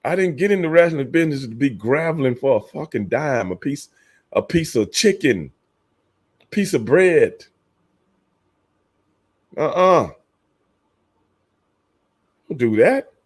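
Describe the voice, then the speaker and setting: A man's voice: fairly high pitch, lively intonation, unhurried, long pauses, breathy edge. A man who used to wrestle, hosting a casual livestream, talking bluntly and profanely to his viewers and laughing often. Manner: talks to chat viewers by name. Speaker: livestream host and former wrestler.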